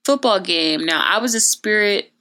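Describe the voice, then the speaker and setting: A woman's voice: mid-range voice, moderate pace. A young woman hosting a podcast, telling stories in a chatty way and acting out the people she quotes. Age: young adult. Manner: chatty storytelling, lively quoted voices. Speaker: podcast host. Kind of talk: casual chat.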